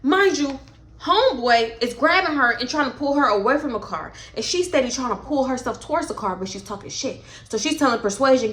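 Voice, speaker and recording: A young woman telling a story in a casual vlog, animated and profane, with dramatic retellings. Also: high voice, brisk. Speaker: storytime vlogger.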